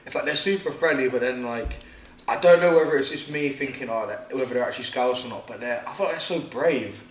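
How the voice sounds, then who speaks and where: A man's voice: mid-range voice, fast talker. Chatty man, roomy home recording. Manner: loose, filler-heavy banter. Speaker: podcast co-host. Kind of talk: casual chat. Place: living room of a home.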